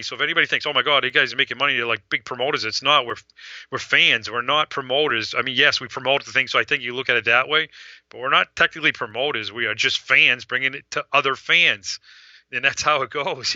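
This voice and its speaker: A middle-aged man who organizes fan events, telling a rambling, animated story in casual talk and acting out the voices of people he quotes. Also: medium pitch, dry recording, muffled recording.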